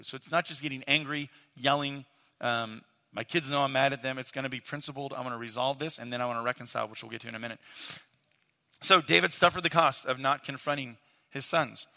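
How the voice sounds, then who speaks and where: A man's voice: a little high, sharp tone. A man, likely in his thirties, giving an earnest, casual teaching talk on parenting as a father, speaking straight to his listeners. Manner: earnest, casual, addresses audience directly. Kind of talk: conversational sermon-style teaching. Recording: long hall reverb.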